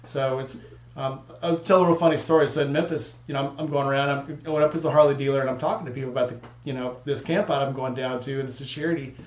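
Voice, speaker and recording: A man in casual chat, telling stories in an animated way and acting out the voices he quotes. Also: medium pitch, quick pace. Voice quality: bald. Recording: echoey room.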